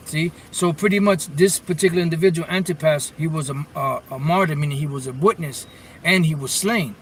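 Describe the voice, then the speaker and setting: A man's voice: on the high side, brisk. Man teaching scripture, heard from a distance. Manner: reads verses aloud, then explains word meanings with many restarts. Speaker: bible teacher. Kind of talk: informal scripture lesson. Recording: distant mic with faint vehicle noise.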